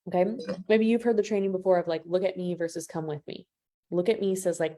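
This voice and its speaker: A woman's voice: lowish voice, quick pace. A woman business coach giving a live training, talking straight to her listeners and acting out the voices of people she quotes. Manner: animated, acts out quoted voices, addresses listeners as y'all.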